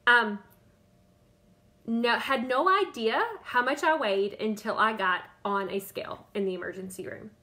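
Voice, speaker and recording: A woman talks to her viewers on a live stream about diet and health. Her voice is bright and pitched a little high. She chats loosely, repeats phrases and greets people by name. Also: measured pace. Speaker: keto diet coach. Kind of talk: Facebook Live talk.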